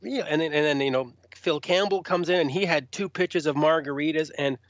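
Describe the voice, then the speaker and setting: Guy rambling through rock road stories, kinda high voice, dry dull lo-fi sound. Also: a little fast, no room sound. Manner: animated, acts out quotes in a raised voice. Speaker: rock journalist guest. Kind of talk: storytelling interview.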